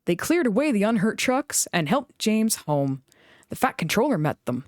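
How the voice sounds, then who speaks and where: A woman reading a children's book aloud in an expressive storytelling voice. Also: mid-range voice, moderate pace, dry recording, studio quality. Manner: expressive, animated read-aloud.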